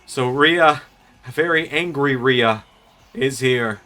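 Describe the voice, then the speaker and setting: A man commentates a wrestling video game series as its host. His play-by-play is excitable and chatty, full of asides and jokes. His voice sits at an average mid pitch. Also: slow pace, faint music behind.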